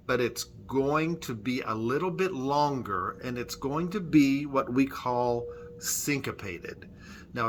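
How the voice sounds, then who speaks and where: A man's voice: mid-range voice, background noise. A man leading a children's Sunday school music lesson at church, friendly and patient, clapping and chanting rhythms.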